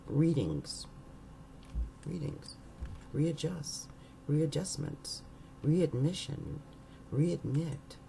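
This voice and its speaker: A woman talks to her viewers in a casual monologue, unhurried and drawn out. Her pitch rises and falls a great deal as she playfully muses her way through a long list. Faint background noise sits under her voice. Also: mellow. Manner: playful, drawn-out word listing with musing asides. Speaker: astrology video host.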